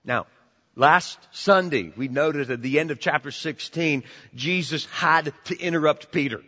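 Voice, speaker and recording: Male pastor, sermon delivery, higher voice, animated and emphatic, dull sound with long church echo. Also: unhurried. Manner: animated, repeats words, rises to emphatic peaks.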